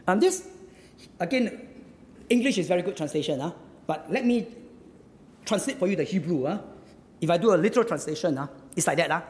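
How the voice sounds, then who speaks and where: Preacher, sermon delivery: lively pitch, punchy rhetorical questions, lots of repetition, booming hall reverb. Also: normal speed, long pauses. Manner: emphatic, with repeated rhetorical questions; repeats phrases and tags lines with "huh?".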